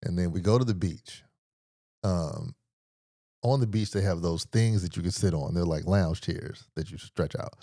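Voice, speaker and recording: A man with a lowish voice telling a story in a laid-back, casual way, full of slang and swearing. He acts out other people's lines as he goes. The sound is dry and close, with no room echo. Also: normal speed, mellow. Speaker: podcast host.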